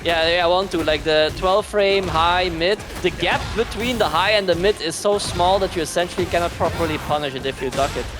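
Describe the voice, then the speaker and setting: A man's voice: sits high, a little fast, few pauses, music in the background. Sarcastic rambling male esports commentator. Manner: rambling, sarcastic, laughs often. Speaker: tournament commentator.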